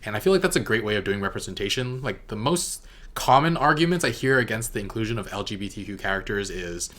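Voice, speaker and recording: A man's voice: on the low side, animated, quick pace, fairly bright tone. A man giving a casual spoken review of a TV episode, rambling and hesitant with many fillers and self-corrections. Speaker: TV reaction reviewer.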